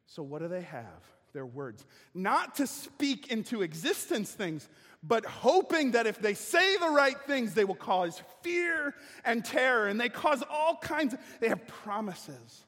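A male pastor preaching a sermon with a personal story, animated and acting out voices and sounds. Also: sits high, slow, slightly rough. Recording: church hall reverb.

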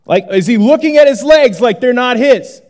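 A male pastor preaching a sermon in a conversational, animated way, moving between loud exclamations and hushed asides. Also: very high-pitched, normal speed.

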